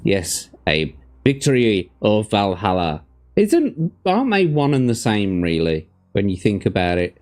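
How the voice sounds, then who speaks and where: A man's voice: lowish voice, huge pitch swings, unhurried, a little mellow. A man, hosting a livestream as game master, chatting with viewers and reading gamebook passages aloud. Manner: chatty, laughs easily, talks to his chat.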